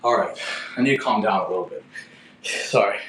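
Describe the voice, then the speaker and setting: Excitable, breathless male fitness streamer. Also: fairly low pitch, fairly quick, far from the mic. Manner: excitable, breathless, laughing between attempts. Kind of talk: casual live-stream chat with viewers. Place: indoor room upstairs at home. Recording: echoey room with faint ambient noise.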